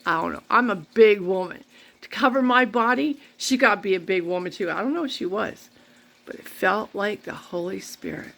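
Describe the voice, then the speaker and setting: A woman's voice: mid-range voice, lively intonation, normal speed, creaky, fairly bright tone. A woman vlogging, telling a rambling, candid personal story full of faith talk. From Canada.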